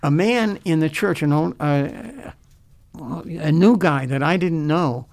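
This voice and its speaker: Older male pastor with a raised, gravelly voice, sharing his personal faith story earnestly with stops and restarts. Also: a little high, a little mellow. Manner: earnest, halting, repeats words as he recalls.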